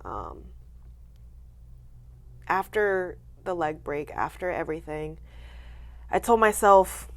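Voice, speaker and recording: A woman in her late twenties tells her story as an interview guest. Her voice sits a little low, and she talks in a lively way, acting out what people said to her and laughing as she goes. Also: a little slow. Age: late 20s. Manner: animated, acts out quoted voices, laughs often. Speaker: guest, professional wrestler.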